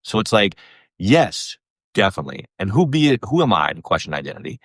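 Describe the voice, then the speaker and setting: A comedian hosting a casual solo podcast, animated and profane, jumping his voice around to act out what people said. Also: brisk, breathy edge, dry recording. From Canada. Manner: animated, profane, acts out quoted voices with big pitch jumps. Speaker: comedian host.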